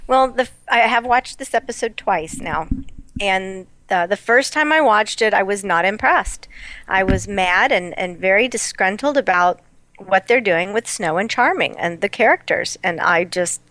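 A woman's voice: medium pitch, expressive, normal speed, fairly bright tone, dry recording. A woman co-hosting a casual podcast, telling stories enthusiastically. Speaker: podcast co-host.

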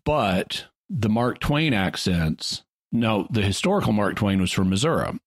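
Deep-voiced man explaining at length. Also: very animated, a little slow, no echo, clean studio sound. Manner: thoughtful, explanatory, with restarts. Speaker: podcast co-host. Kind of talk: casual discussion. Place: lives in the Ozarks.

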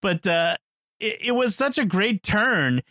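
A man's voice: sits high, sing-song, unhurried, sharp tone, no echo. Upbeat chatty man, dry close sound. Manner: chatty, laughs often, restarts sentences. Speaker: podcast co-host. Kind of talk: casual movie discussion.

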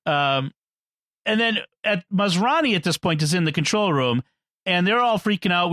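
A man's voice: sits high, lively intonation, moderate pace, fairly bright tone, no echo, studio quality. A man in a casual film discussion, retelling the plot, acting out the characters' lines and laughing often. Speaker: podcast co-host.

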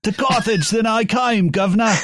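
A man voicing a jokey male audiobook reader in an exaggerated mock-Cockney accent, pitched high above his own voice. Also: moderate pace, fairly bright tone, dry recording, clean studio sound. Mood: hammy. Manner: hammy, comic.

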